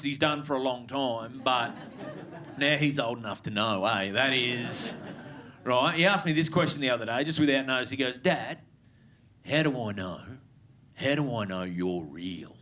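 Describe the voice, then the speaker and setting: A man's voice: fairly high pitch, pushed and bright. A man in his thirties with an Australian accent, doing a laid-back, sweary stand-up set and chatting with the crowd. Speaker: stand-up comedian. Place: comedy club stage with audience.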